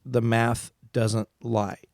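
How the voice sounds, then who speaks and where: A man's voice: mid-range voice, little pitch movement, slow, darkish tone, dry recording, clean studio sound. A man co-hosting an audio podcast, talking casually and opinionated, rambling through his points in a self-described facts-guy way. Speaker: podcast co-host. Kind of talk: casual chat.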